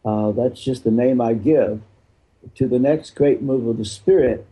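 A man's voice: mid-range voice, unhurried, warm tone, husky. An older man, a retired pastor being interviewed, explaining his views emphatically and answering his own rhetorical questions.

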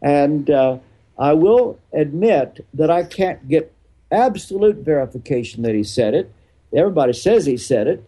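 Older guy, retired pastor on an interview, husky kinda raised voice, keeps asking n answering himself. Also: a little high, expressive, normal speed, dark tone. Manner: emphatic, rhetorical questions answered himself, repeats phrases. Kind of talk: interview answer, preaching-style explanation.

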